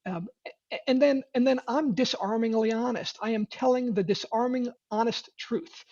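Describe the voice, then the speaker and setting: A man teaching sales prospecting in a webinar, talking in a lively way with quick restarts. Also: very high voice, muffled recording. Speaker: sales trainer.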